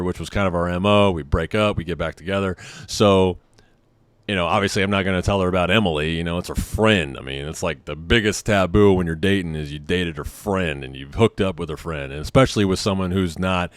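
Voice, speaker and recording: A man in his thirties from San Diego with a fairly low voice tells a loose, rambling story full of asides. The sound is close and dry, with no room around it. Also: smooth, no echo. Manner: rambling, with many fillers and asides. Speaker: vlogger. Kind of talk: casual storytelling.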